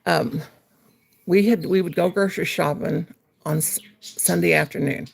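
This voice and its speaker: A woman on her home livestream talks as she crochets, her voice heavily gravelly with plenty of fry. The tone is husky and a little rough. She rambles through her memories and stops now and then to answer comments from her viewers. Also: lowish voice, fairly even intonation, normal speed. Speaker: livestream host. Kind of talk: casual livestream chat while crocheting.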